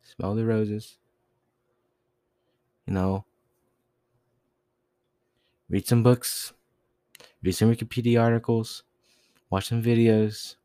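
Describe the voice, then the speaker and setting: A young man rants on his own podcast, swearing constantly and rambling from one grievance to the next. His voice sits fairly low and the sound is dry and close, with no room around it. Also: level tone, takes it slowly, long pauses, mellow, no echo. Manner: profane, agitated, rambling with frequent "dude". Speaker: podcast host. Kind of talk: solo rant.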